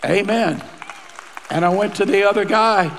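A man preaching as pastor, slipping into the voices of people he quotes as he tells a story. His voice sits a little high for a man. Long reverb of the church hall trails after every line. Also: measured pace, gravelly, a bit bright, a faint crowd, a little hiss or hum. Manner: conversational storytelling, acting out quoted lines. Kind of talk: sermon storytelling.

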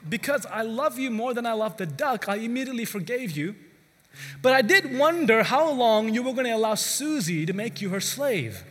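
A tender, loving grandmother, acted out by a man preaching speaks gently and probes softly. Her voice is high and bright. It echoes through a large hall over faint music. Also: expressive, normal speed, breathy edge, exaggerated voice. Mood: gentle. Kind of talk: storytelling in a sermon.

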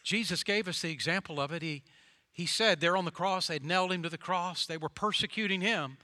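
Male pastor, storytelling sermon, emphatic repetition, bright, cutting voice, a bit high. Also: brisk, no room sound. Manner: storytelling, emphatic with repeated phrases.

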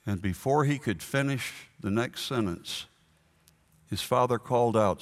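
A man preaching a sermon in a church, slow and earnest, stressing his points through repetition. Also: mid-range voice, in a large hall. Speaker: pastor.

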